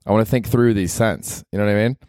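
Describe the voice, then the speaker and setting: A male comedian hosting his podcast, rambling casually and profanely, his pitch leaping up for emphasis. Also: fast, darkish tone, dry recording, clean studio sound.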